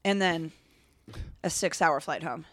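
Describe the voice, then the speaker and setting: A woman's voice: deep voice, a little slow, fairly bright tone, dry recording, studio quality. A woman co-hosting a podcast, telling stories in casual chat with laughs and swearing. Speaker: podcast co-host.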